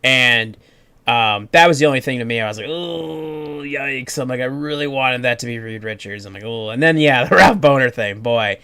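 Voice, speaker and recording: A man hosting a podcast in casual review chat, excitable and profane, acting out his own reactions. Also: mid-range voice, a little fast, clean tone, no room sound. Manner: excitable, profane, animated retellings. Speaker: podcast host.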